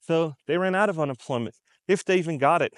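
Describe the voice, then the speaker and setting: A man with a slightly raised pitch rants to his viewers in a loose, conversational way. He hammers each point twice and slips into little acted-out reactions. The sound is dry and close, with no room echo. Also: fast talker. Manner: conversational and emphatic, repeats points and acts out quoted reactions. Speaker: commentary vlogger. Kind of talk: unscripted commentary to camera.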